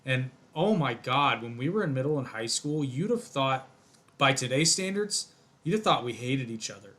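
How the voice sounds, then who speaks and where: Lively man in his thirties. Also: medium pitch, moderate pace. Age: 30s. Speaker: podcast co-host. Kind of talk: casual podcast chat.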